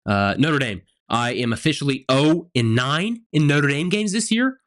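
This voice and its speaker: A man's voice: fairly high pitch, expressive, moderate pace, fairly bright tone. A man hosting a college football reaction show, talking emphatically and repeating phrases for effect. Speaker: sports show host.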